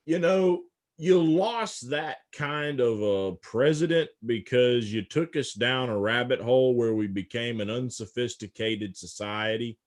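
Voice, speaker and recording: A political commentator speaks a little slowly in a mid-range male voice during a casual podcast discussion of politics. Emphatic in manner, he often says a word several times over before he gets going.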